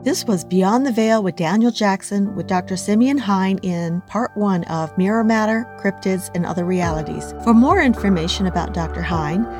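Female announcer, mid-pitched voice, smooth scripted sign-off over clear music. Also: moderate pace, few pauses. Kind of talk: scripted outro narration.

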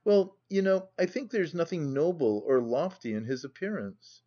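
A man reading an audiobook, voicing a timid, gentle young woman with a raised, pleading voice. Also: a little high, very animated, normal speed, muffled recording, pitched above the performer's own voice. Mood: earnest.

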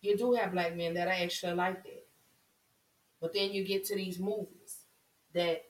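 A woman's voice: lowish voice, fairly bright tone. An impassioned woman talks straight to her viewers, repeating lines for emphasis as her feeling builds. Her voice sits back from the mic in a roomy, echoing space. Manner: impassioned, repetitive, voice rising with emotion. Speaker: vlogger. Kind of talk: emotional monologue to camera. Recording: roomy echo, voice from a distance.

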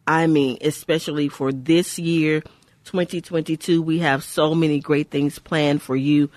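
A woman's voice: low-pitched, dry recording. A woman from Houston hosts a Christian radio program with joyful, emphatic talk. She often repeats her phrases. The sound is dry and close, as in a radio studio. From Houston, Texas. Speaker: radio host. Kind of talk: faith-based radio talk.

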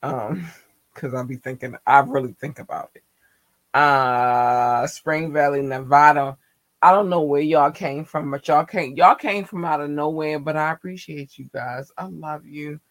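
A young man from Baltimore with a Baltimore accent, chatting casually on a stream, reading out viewers' cities with animated shout-outs. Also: fairly high pitch, a little slow, dry recording. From Baltimore, Maryland. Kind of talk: casual livestream chat.

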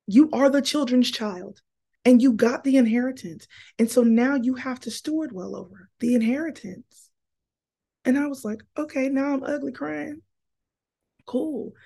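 Woman guest, husky fry-edged voice pitched a little high, animated and preachy, faith podcast chat. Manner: animated, preachy, emotional storytelling.

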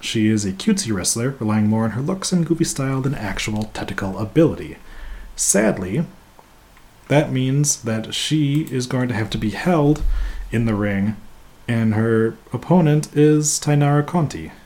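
A man's voice: medium pitch, lively intonation, normal speed, darkish tone. A man hosting a podcast, reading a scripted wrestling review with sarcastic, mocking asides and crude jokes.

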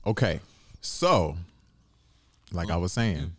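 A man's voice: sits low, animated, takes it slowly, a little hiss or hum. A man co-hosting a podcast, laid-back and teasing in casual chat, laughing often. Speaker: podcast co-host. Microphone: studio mic.

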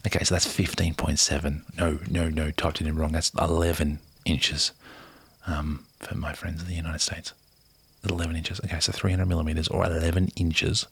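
A man reads a news piece aloud in a soft, unhurried way, slipping into near-whispers and chatty asides. His voice is very low, rough and breathy, with lots of fry. The sound is dry and close. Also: dry recording. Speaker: reader of a news article. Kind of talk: casual read-aloud with asides.

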